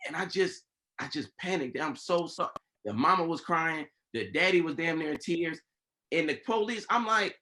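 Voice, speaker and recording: A man hosting a casual podcast chat, relating a personal story with animated energy. He jumps into the voices of the people he quotes. His voice sits a touch higher than most men's. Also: moderate pace. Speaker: podcast host.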